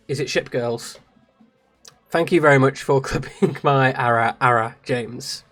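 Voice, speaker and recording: A man's voice: mid-range voice, a little slow, fairly bright tone, faint music behind. A man from England with an English accent, casually commenting on his game stream and chatting with viewers. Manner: chatty, laughing at himself, reads chat aloud. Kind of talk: live gameplay commentary. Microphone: streaming microphone.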